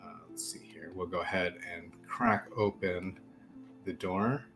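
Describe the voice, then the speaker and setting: A man's voice: low voice, measured pace, music in the background. A man narrating as game master of a tabletop game, descriptive and loose, with many fillers.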